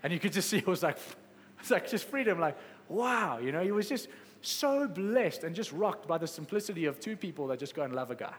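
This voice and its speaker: A man preaching a sermon with passion, swinging between loud exclamations and quiet, soft stretches. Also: sits high, animated, a little fast, few pauses, in a large hall. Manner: passionate, rising to exclamations then dropping soft.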